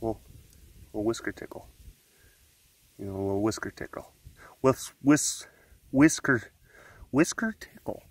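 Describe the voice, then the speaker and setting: A man's voice: on the low side, lively intonation, unhurried, long pauses, breathy edge, no room sound. A man hosting a casual walking vlog outdoors at an animal compound, playfully cooing at the cats as he goes. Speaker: vlog host at a big cat facility.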